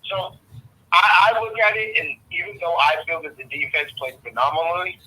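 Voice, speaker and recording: A man's voice: a little high, expressive, normal speed, bright, forceful tone, breathy edge, rough recording. A middle-aged man giving his opinions in a casual sports talk, often repeating words as he thinks. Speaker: guest sports commentator.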